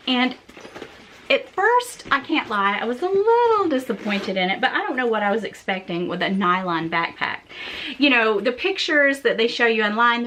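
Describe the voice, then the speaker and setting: A woman's voice: on the high side, a bit bright. A woman chatting casually as she reviews her backpacks for her channel, friendly and full of fillers. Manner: chatty, confiding, lots of fillers. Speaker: fashion vlogger.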